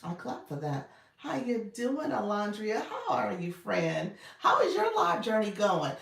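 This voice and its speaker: A woman's voice: medium pitch, sing-song, unhurried, gravelly. A woman live-streaming as a coach, chatting casually and encouragingly, laughing often and calling viewers "friend.". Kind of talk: casual livestream chat, greeting viewers and reading comments. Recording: echoey room, voice a bit far from the mic.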